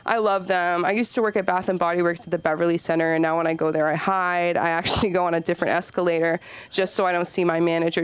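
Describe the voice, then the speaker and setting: A woman's voice: lowish voice, clear, resonant tone. A young woman performing a rambling, self-deprecating stand-up set on a comedy club stage, peppering her talk with "like" and "you know.".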